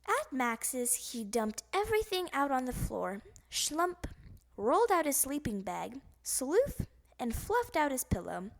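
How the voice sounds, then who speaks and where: A woman reading a children's picture book aloud, animated and playful with the sound words. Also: high voice, moderate pace, creaky, few pauses. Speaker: storybook reader.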